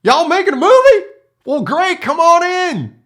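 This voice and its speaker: A man voicing a greasy, wild-haired junkyard man who talks loudly and repeats himself eagerly. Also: sits high, very animated, fast talker, voice pushed up, full character voice. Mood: eager welcome.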